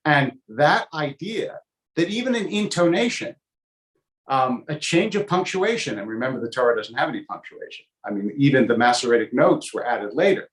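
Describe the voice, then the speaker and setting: Roomy-sounding rabbi teaching Torah. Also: male voice, mid-range voice, expressive, moderate pace. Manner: thoughtful, digressive, with frequent ums and wry humor. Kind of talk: conversational teaching. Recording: roomy echo.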